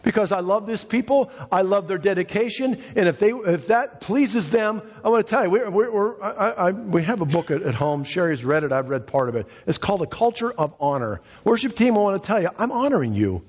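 A man's voice: high-pitched, lively intonation, a little fast, hardly any pauses, darkish tone, husky. A male pastor preaching a fervent, emphatic sermon in a church, often repeating his phrases for emphasis. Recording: reverberant hall, dull lo-fi sound.

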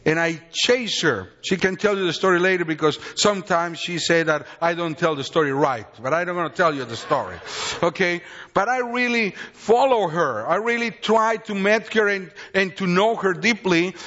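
The recording is muffled and echoes in a large hall, carrying a high, fairly bright male voice. He is a Mexican man in his fifties, a native Spanish speaker with a Mexican Spanish accent, delivering a rambling, earnest testimony sermon in broken English.

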